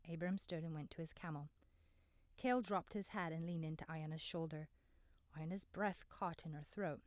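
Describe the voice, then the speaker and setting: A woman narrating a novel in an even, measured way. Her voice sits on the low side for a woman. The close mic leaves it dry, with no room in it. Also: dry recording. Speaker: audiobook narrator. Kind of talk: scripted narration.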